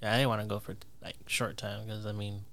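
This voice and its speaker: A man's voice: fairly low pitch, level tone, fast talker, creaky, a bit bright. A man in his thirties telling a story in casual chat, laid-back and profane, trailing off with fillers. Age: 30s.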